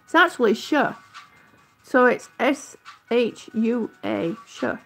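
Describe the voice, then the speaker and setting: A middle-aged woman with a high voice talks slowly to her viewers on a live stream, affectionate and chatty. She sounds a little out of breath, and her vowels stretch out. Faint music plays behind her. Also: lively intonation. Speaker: vlogger on oxygen.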